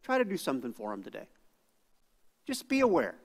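A middle-aged male pastor preaching a sermon, moving from quiet asides to loud outbursts. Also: fairly high pitch, huge pitch swings, fairly quick, slightly rough, big-room sound. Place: church sanctuary.

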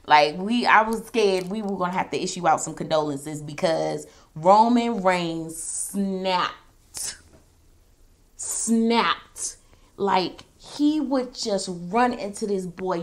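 Animated woman recapping a wrestling match. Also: lowish voice. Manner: animated storytelling, quoting wrestlers in a raised voice. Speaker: beauty and wrestling vlogger. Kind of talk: casual recap while doing makeup.

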